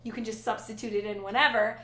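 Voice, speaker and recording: A woman's voice: mid-range voice, level tone, fast, sharp tone, echoey room. A middle-aged woman hosting a livestream, chatting casually and reading viewer comments aloud in a rambling way. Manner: chatty and rambling, with frequent restarts and asides. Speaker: livestream host.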